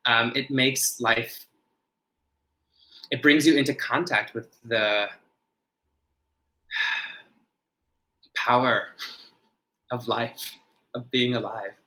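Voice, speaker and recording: A man's voice: mid-range voice, fairly even intonation, very slow, pauses often, sharp tone, rough recording. A man who is a podcast guest, earnestly explaining ideas and often restarting his phrases. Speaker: podcast guest, ritual designer.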